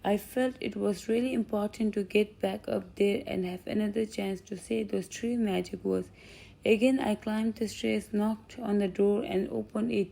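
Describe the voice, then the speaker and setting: A woman narrating an audiobook, telling a first-person story in an earnest, unhurried way. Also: medium pitch, steady tone, creaky, mellow.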